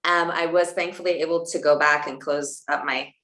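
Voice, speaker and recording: A woman, an herbalist, answering interview questions in a calm, measured, reflective way. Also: low-pitched. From New York, USA. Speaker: herbalist guest. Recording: echoey room.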